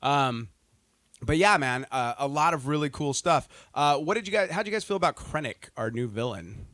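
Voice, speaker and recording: A man hosting a casual podcast chat, excitable and freely swearing, acting out his own reactions. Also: on the high side, moderate pace, no room sound, clean studio sound. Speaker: podcast host.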